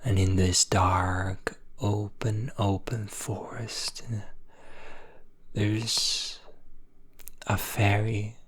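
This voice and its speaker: Very slow breathy whispering man. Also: fairly low pitch, little pitch movement. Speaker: ASMR storyteller. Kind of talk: whispered ASMR storytelling.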